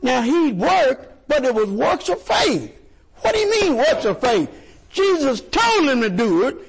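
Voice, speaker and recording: A man preaching a sermon, animated and repetitive, asking the congregation questions and stumbling over words. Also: very high-pitched, unhurried, gravelly, slight background noise. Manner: animated call-and-response preaching, repeats and stumbles.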